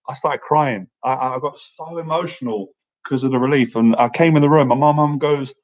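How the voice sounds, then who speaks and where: A man chats through a casual live-stream Q&A, upbeat and friendly. He laughs easily and keeps tossing in "right?" as he talks. His voice sits at an everyday middle pitch. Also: normal speed, highs cut off. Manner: chatty and upbeat, often asks "right?"; laughs easily, animated when telling stories. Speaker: social skills coach and YouTuber.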